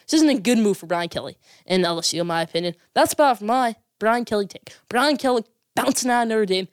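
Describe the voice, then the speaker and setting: A woman delivers rapid-fire college football takes as a sports vlogger. She talks quickly, stresses her opinions hard and repeats lines for emphasis. The sound is close and dry, with no room echo. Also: on the high side, animated, clean tone. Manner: emphatic, repeats points for effect.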